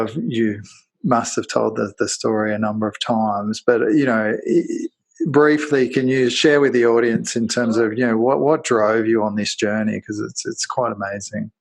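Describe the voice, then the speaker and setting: A man hosting an interview show, asking his guest a question in a halting way, restarting as he goes. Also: medium pitch, poor audio. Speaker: podcast host.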